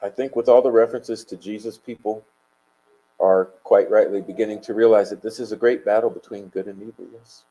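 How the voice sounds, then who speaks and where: A man's voice: fairly low pitch, fairly even intonation, a little fast, warm tone, poor audio. A man hosting a casual livestream, rambling and swearing emphatically as he chats and answers viewer comments. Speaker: livestream host.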